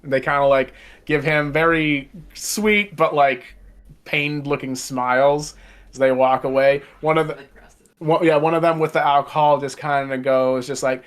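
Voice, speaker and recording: A man's voice: a little high, fairly even intonation, normal speed, clean tone. A man running a tabletop game as game master, narrating in a loose, casual way full of fillers.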